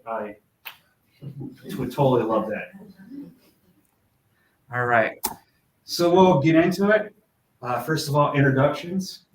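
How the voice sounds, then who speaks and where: A man welcomes a roomful of people at a user group meetup, joking at his own expense in a friendly way. His voice sits at an ordinary pitch and comes from a distance, with the echo of the room around it and a faint hum behind. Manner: friendly, self-deprecating, joking. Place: meeting room with an audience. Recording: echoey room from far off.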